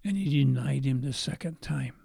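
A man's voice: mid-range voice, moderate pace, vocal fry, warm tone, husky, dry recording, studio quality. A man preaching a sermon, telling a story with dramatic turns and falling into whispers. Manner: dramatic, acts out quotes, drops to whispers.

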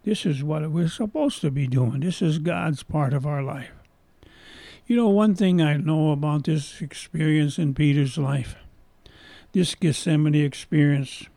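A man's voice: fairly high pitch, dark tone, dry recording. A man preaching a sermon, retelling a story in a folksy way and repeating phrases for emphasis.

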